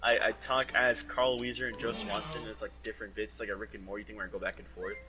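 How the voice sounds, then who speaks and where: A man's voice: lowish voice, little pitch movement, fast talker, a crowd in the background. A man co-hosting a casual podcast, rambling and self-deprecating. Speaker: podcast co-host. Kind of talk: casual chat.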